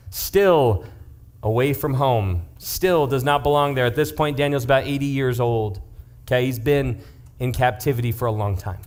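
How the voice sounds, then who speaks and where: A young man giving a casual youth sermon as youth pastor. He jokes and keeps checking in with his listeners as he tells stories. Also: on the high side. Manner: joking, conversational, checks in with the audience; lively storyteller.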